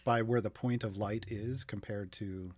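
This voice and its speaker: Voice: medium pitch, fairly even intonation, a little slow, darkish tone, husky. A player in a casual tabletop game, joking dryly and talking through their moves.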